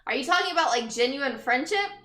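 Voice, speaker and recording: A woman's voice: sits high, lively intonation, quick pace, bright, forceful tone, faint music behind. A young woman streaming casually, chatting with viewers, laughing often and greeting them upbeat. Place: empty room, indoors. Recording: echoey empty room.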